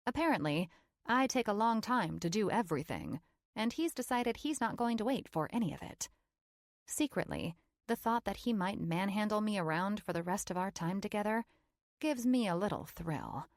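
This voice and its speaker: A woman's voice: medium pitch, expressive, normal speed, no room sound, studio quality. A woman narrating a first-person romance audiobook in a wry, playful storytelling manner.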